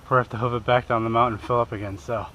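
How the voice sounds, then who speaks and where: A man's voice: medium pitch, flat delivery, very fast, sharp tone, dull audio. A man hosting an outdoor hunting vlog, talking in a plain-spoken, easygoing and self-deprecating way. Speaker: hunting show host. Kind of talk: casual outdoor vlog narration. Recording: clear road and outdoor noise.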